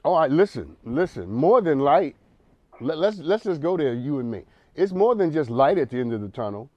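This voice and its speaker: A man hosts a counseling talk show, speaking emphatically in a preacherly way and repeating words as he builds a point. His voice is on the high side, sing-song and moderately paced, with no echo and the highs cut off.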